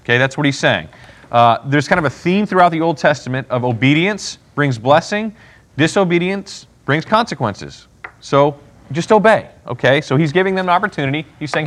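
A man whose voice is a little high and fairly bright, with lively intonation and normal speed, leads a Bible study. His casual, conversational teaching features acted-out lines and frequent "okay?" check-ins.

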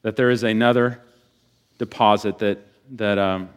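A man preaching a sermon as a pastor, swinging between loud bursts and quiet, hushed passages. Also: lowish voice, fairly even intonation, a little slow, clean tone.

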